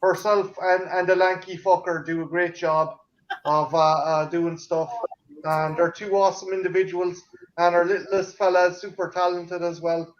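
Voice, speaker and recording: An Irish man with a high voice, swearing freely in a boisterous late-night chat. The sound is dull and lo-fi. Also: flat delivery, moderate pace. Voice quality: profane and boisterous. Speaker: channel host. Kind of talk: casual chat.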